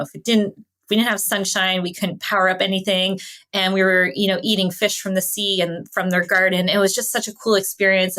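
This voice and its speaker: A woman from Canada who is a guest on a podcast, chatting about her family travels. She tells stories in an animated way, full of exclamations and "like," and laughs easily. Her voice sits at a middle pitch. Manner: animated storyteller, laughs often, acts out quotes. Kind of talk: casual interview storytelling.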